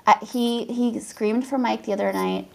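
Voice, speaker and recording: A woman's voice: a little high, fairly even intonation, moderate pace, creaky, a little mellow, a little hiss or hum, rough recording. Profane, tired woman telling stories. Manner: profane, rambling storytelling with acted quotes. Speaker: podcast guest. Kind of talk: casual comedic chat.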